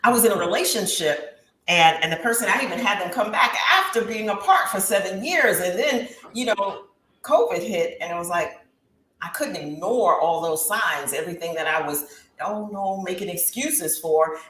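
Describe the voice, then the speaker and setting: A woman's voice: medium pitch, lively intonation, normal speed, a bit bright. A woman in her thirties giving an impassioned testimony in an interview, with a preacher-like rise and fall. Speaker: guest talk show host. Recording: roomy echo with faint background hiss.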